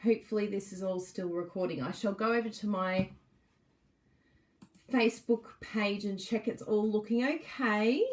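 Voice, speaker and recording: A woman's voice: mid-range voice, lively intonation, measured pace. Bubbly woman hosting a live stream. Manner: bubbly, greets viewers by name, laughs often. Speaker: Facebook Live host. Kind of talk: casual live-stream chat.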